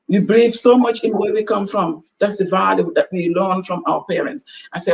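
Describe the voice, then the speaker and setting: A woman's voice: mid-range voice, steady tone, moderate pace, vocal fry, hardly any pauses. A woman giving earnest, preachy advice as a talk-show panel guest, acting out quoted exchanges. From Gambia. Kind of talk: motivational talk show chat. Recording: distant mic with faint background noise.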